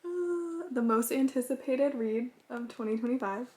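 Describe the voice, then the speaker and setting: A woman's voice: high-pitched, expressive, normal speed, darkish tone. A young woman chatting casually in a vlog, giddy and self-conscious, laughing often and trailing off. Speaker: writing vlogger.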